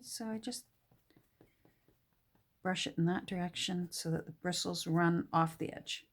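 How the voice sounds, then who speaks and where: A woman talking casually through a crafting tutorial at her desk, soft-spoken and hesitant, with many fillers and restarts. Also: fairly low pitch, unhurried. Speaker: junk journal crafter. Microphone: camera on the desk.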